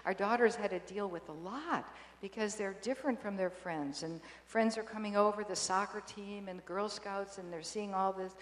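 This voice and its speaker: An older woman telling a personal story to an audience, animated and emotional, with many restarts and bursts of laughter. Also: mid-range voice, normal speed, few pauses. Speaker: speaker giving a personal testimony. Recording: echoey hall with long reverb.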